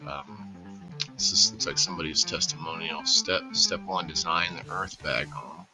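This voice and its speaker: A man's voice: extremely low pitch, steady tone, unhurried, over music. A man hosting a casual livestream, rambling in an easygoing way and greeting viewers by name. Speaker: livestream host.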